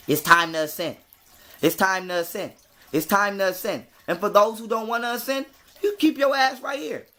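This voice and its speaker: A man with speech preaches a spiritual monologue to his viewers. His voice is bright and forceful, and he drives his points home with swearing and repeated stock phrases. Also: high-pitched. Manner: emphatic, profane, repetitive "so with that being said". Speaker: spiritual video host.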